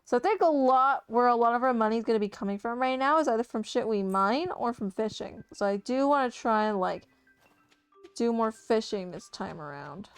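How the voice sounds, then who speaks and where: Young woman streamer, kinda high voice, super bouncy, swears a lot, game music low in the back. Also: expressive, a little fast, clean tone, no echo. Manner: chatty, swears freely, talks to chat. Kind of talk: casual gameplay commentary. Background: soft game music.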